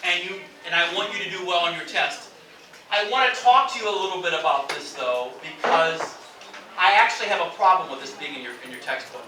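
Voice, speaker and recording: Male English teacher, high bright voice, demonstrative classroom delivery, echoey distant room sound. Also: a little fast, background noise. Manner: explanatory, demonstrates intonation with exaggerated examples.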